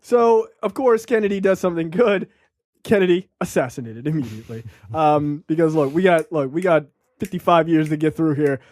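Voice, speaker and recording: A man's voice: a little high, animated, a little fast, darkish tone, no room sound, clean studio sound. Laughing, profane man in casual banter. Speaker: podcast co-host. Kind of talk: casual film-review banter.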